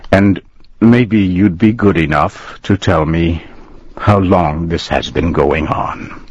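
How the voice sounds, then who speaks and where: A man's voice: deep voice, takes it slowly, husky, no room sound, muffled recording, exaggerated voice. A man doing a cold gray-haired old shopkeeper. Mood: sarcastic. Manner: quiet, cold, sarcastic questioning. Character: little gray-haired older male shop owner, cold.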